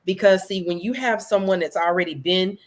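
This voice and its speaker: A woman entrepreneur speaks casually in a live interview. Her voice sits a little low, and she keeps checking in with her listeners as she talks. Her throat catches now and then. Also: brisk. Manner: animated, repeats "you know" and "right?", speaks to the audience as "y'all". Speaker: guest entrepreneur.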